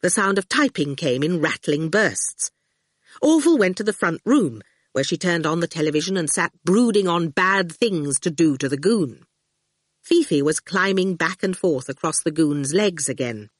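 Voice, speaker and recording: A woman narrating a children's novel in an expressive, unhurried reading. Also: on the low side, no echo, clean studio sound. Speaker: audiobook reader. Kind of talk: storybook narration.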